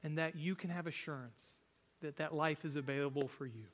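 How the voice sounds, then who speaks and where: A man's voice: a little high, brisk, a bit bright, slight background noise. A man preaching a sermon as a pastor, earnest and repetitive, building emphasis on key phrases.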